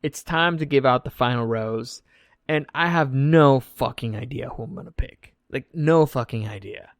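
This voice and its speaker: At a normal speed and medium pitch, the young man casually recounts an event for his vlog, joking around and cursing freely as he tells it. The audio is clean studio quality with no echo.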